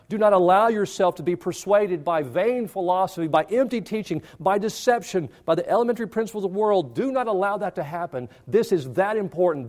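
Guy preaching a sermon, slightly high voice, punchy and repetitive, pushes up for emphasis. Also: a little mellow. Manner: emphatic, repeats phrases and rises for stress. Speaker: pastor.

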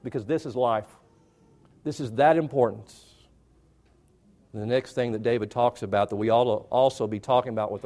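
A male pastor preaching a sermon, emphatic and repetitive, rising in pitch to stress key phrases. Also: darkish tone.

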